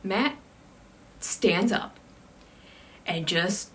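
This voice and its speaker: A woman hosting a casual chat show and telling a story, shifting between lively telling and a hushed near-whisper. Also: mid-range voice, drawn-out words. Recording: slightly distant mic with faint background noise.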